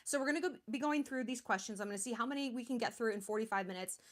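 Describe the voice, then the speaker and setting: A woman's voice: a little high, rapid-fire. A woman in her thirties hosting a charity livestream, talking in a chatty, blunt way with lots of fillers. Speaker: livestream host. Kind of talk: casual livestream talk.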